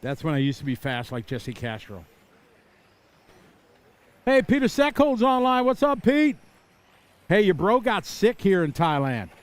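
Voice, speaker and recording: Excitable middle-aged man calling live races. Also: sits high, a little slow, pauses often. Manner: excitable, chatty, laughs and shouts at crashes. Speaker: race commentator. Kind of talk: live play-by-play commentary. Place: outdoor racetrack.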